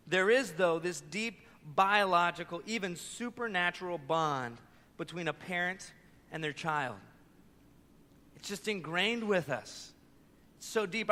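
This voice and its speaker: A man in his thirties preaching a sermon as pastor, telling stories in an animated way and voicing the quotes. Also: high-pitched. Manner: animated storytelling with voiced quotes. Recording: echoey church hall.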